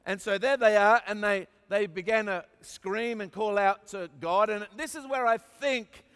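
High-voiced Australian preacher, echoing hall. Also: male voice, unhurried, smooth. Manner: emphatic, joking, rises to shouts. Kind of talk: sermon. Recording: long reverb of a large hall.

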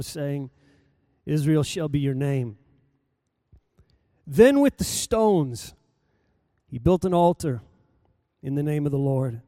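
A man's voice: a little high, mellow, no echo, clean studio sound. Man reading scripture in a dramatic way. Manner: dramatic reading, voice rising and falling with the story. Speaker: pastor.

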